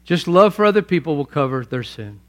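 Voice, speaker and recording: A man preaching a sermon, emphatic, swinging between loud stresses and hushed asides and repeating phrases for weight. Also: on the high side, very animated, brisk. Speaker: pastor.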